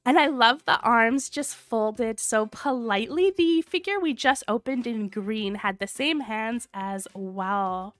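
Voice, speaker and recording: A woman hosting a casual livestream, sick with a cold, with a low sultry tone, gushing and reading viewer comments aloud. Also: slow, few pauses, fairly bright tone, no room sound, faint music behind. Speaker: livestream host.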